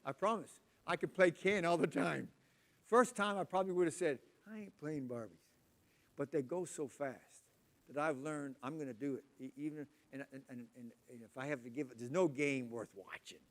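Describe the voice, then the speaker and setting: A man in his sixties delivers a sermon with a noticeably high voice for a man. He talks loud and animated, spinning homespun stories from family life as he preaches. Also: normal speed. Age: 60s.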